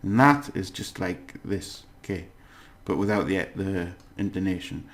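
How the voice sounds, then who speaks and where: A man's voice: low voice, unhurried. A man teaching a casual language lesson, chatty and self-correcting, laughing at his own slips.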